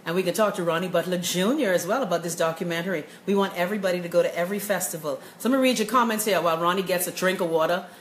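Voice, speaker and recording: Reading viewers' comments aloud and welcoming each by name, this Bahamian live-show host keeps things chatty and upbeat. Her lowish voice comes rapid-fire, with hardly any pauses. The room sounds echoey, and faint noise lingers in the background.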